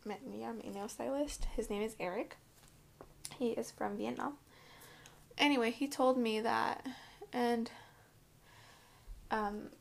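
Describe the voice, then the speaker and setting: A woman's voice: on the high side, gravelly, a little mellow. A woman hosting a podcast in casual chat, rambling and swearing freely while getting ready at home. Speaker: podcast host. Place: indoors at home, curling hair.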